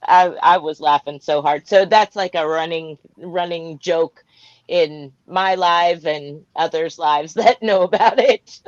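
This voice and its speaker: A woman's voice: fairly low pitch, a little slow, no echo, muffled recording. A woman from Florida, hosting a casual live chat, telling stories and laughing often. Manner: chatty storyteller, laughs often.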